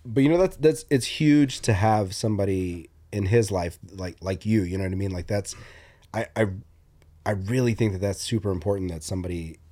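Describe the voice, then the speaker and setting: A man in his thirties, a podcast guest, speaking supportively in halting bursts with many restarts. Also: on the low side, dark tone. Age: 30s. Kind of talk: casual chat.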